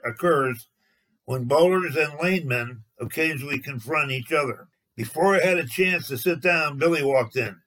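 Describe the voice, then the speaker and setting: A man, a former lane man, narrating a personal anecdote in a steady retelling. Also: mid-range voice, low-quality recording. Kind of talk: storytelling narration.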